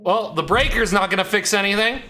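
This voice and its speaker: A man with a high voice streams a horror game live, jittery and muttering to himself, repeating lines when scared. Faint hiss and clicks sit behind him. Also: fairly quick, pushed and bright.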